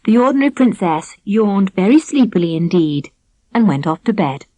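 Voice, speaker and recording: A woman narrating a children's storybook audiobook in an expressive reading voice, close to the mic. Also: medium pitch, normal speed, no echo, low-quality recording.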